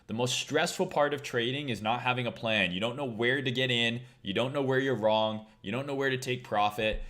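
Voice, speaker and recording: A man's voice: mid-range voice, fairly bright tone. A man hosting a trading livestream, talking casually in a blunt, profane, rambling way.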